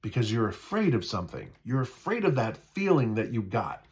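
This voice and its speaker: Speaking at a moderate pace, this man has a mid-range, slightly mellow voice and is very animated. His spiritual talk is casual and conversational, full of repetition and frequent "right?" He voices the thoughts people hear inside their heads, acting out those quoted inner voices.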